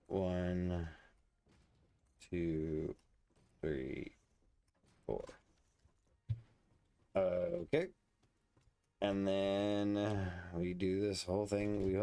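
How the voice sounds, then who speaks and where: Let's play host, male, low and gravelly, half to himself, relaxed commentary. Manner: muttering, thinking aloud while building. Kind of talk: casual gameplay commentary.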